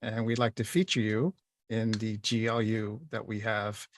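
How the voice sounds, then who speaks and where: A man co-hosting a livestream over a video call, easygoing and pausing with fillers. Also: lowish voice, flat delivery, dry recording. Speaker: co-host. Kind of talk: casual chat.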